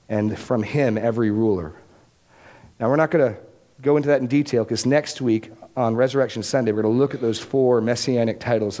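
A man's voice: a little high, a little mellow. Emphatic man preaching a sermon. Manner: emphatic preaching, reads scripture aloud with dramatic pauses. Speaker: pastor.

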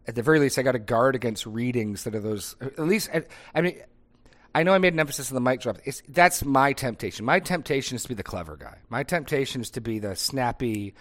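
A middle-aged pastor talks in a casual discussion, thinking aloud conversationally with frequent restarts and tag questions. His voice is mid-range.

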